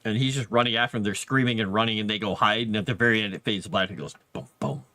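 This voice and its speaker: A man's voice: on the low side, steady tone, very fast, sharp tone, dry recording. A man streaming live as he writes fantasy lore, chatting casually and rambling, and reading his drafts aloud under his breath.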